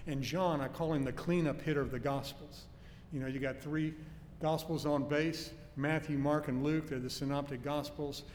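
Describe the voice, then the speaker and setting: A man's voice: fairly even intonation, moderate pace, a little mellow. A man preaching an expository sermon, teaching earnestly with emphatic stresses and homely anecdotes. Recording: long hall reverb with faint low rumble.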